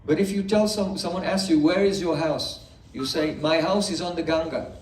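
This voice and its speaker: A man giving a morning scripture class to a live audience, explaining patiently with everyday examples and gentle humor. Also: on the high side, moderate pace. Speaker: spiritual teacher. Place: indoor hall with a live audience. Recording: echoey room, distant mic.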